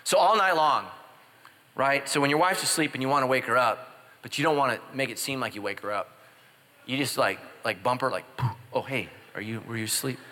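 Animated joking pastor in a big hall. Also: male voice, fairly quick. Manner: animated, jumps into loud high exclamations and drops to hushed confessions. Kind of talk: humorous sermon with storytelling.

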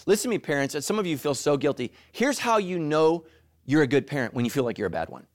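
A middle-aged man preaching a sermon as pastor, animated, who leaps into high mocking voices for asides. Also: fast talker, no echo, studio quality.

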